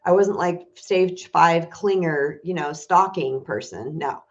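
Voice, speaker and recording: Woman spiritual coach, confessional livestream delivery, lowish voice, muffled webcam sound. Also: slow pace. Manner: candid, emotional, confessional. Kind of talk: casual livestream talk to viewers. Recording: dull lo-fi stream audio.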